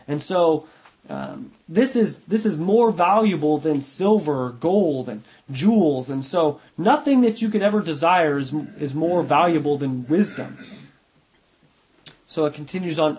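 A man with a fairly high voice leads a Bible study. He reads passages aloud and then explains them in an easy, conversational way. He circles back to the same points and often corrects himself mid-sentence. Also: normal speed, darkish tone, rough recording. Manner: conversational, repeats for emphasis, self-correcting. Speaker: Bible teacher.

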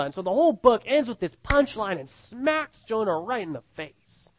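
A man's voice: high voice, big pitch swings, moderate pace, hardly any pauses, no echo. A man preaching an expository sermon, emphatic, often repeating phrases and checking in with "right?".

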